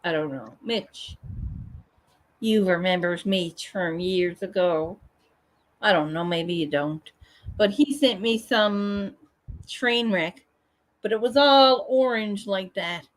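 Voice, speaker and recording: A woman's voice: medium pitch, takes it slowly, long pauses. A woman hosting a casual livestream, joking and swearing freely as she chats with viewers. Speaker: livestream host.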